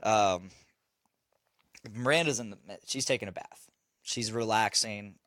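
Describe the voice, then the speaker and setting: A man's voice: fairly low pitch, measured pace, fairly bright tone, no echo. A man telling a parenting story on a casual podcast, swearing and laughing as he goes. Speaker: podcast host; father.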